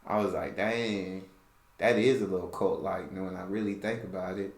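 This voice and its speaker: An American man hosts a reaction video in a laid-back, easygoing way and often breaks into laughter. His voice sits on the low side, and the room gives it a noticeable echo. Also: brisk. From United States. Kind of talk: casual chat.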